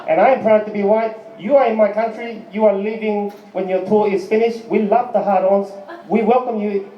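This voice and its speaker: A man's voice: high voice, steady tone, fairly quick, recorded from a distance, a little hiss or hum, lightly acted. A comedian quoting an earnest, overly polite male neo-Nazi in a stiff, formal way. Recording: echoey dull club recording.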